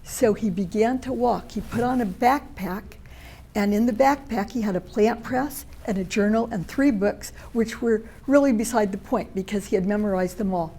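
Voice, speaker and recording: Female poet, storytelling talk with dramatic readings, warm and mellow tone. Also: medium pitch. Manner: expressive, slows and swells when reading verse aloud; lively, personal storytelling.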